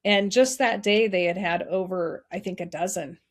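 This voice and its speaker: A middle-aged woman, a nonprofit founder appearing as a podcast guest, tells an emotional personal story about a hard family situation. She speaks earnestly and from the heart at normal speed, in an ordinary middle pitch, often restarting her sentences.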